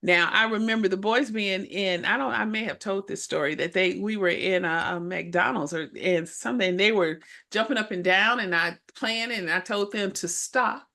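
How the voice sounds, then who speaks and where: A middle-aged woman co-hosting a chat show as a minister, telling stories in a lively way and acting out the people in them. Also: mid-range voice, normal speed, hardly any pauses. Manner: animated storyteller who acts out voices. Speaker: co-host and minister. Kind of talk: casual storytelling chat.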